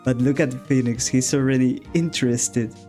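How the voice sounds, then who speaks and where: A man's voice: medium pitch, fairly even intonation, moderate pace, warm tone, soft background music. A man chatting casually while streaming a game, laughing often and restarting his sentences.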